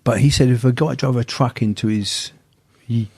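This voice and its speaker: Gravelly older man who stammers. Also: mid-range voice, steady tone, normal speed, a little mellow, no echo. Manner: stammers, repeating first sounds. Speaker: martial arts teacher, guest. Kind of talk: casual interview storytelling.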